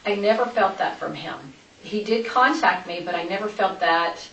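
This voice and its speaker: Woman interviewee, gravelly, rambling storyteller; far-off mic in a reverberant room. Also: mid-range voice, normal speed, a bit bright. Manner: rambling, many restarts and asides. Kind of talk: recounting events in a police interview. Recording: echoey room, distant mic, background noise.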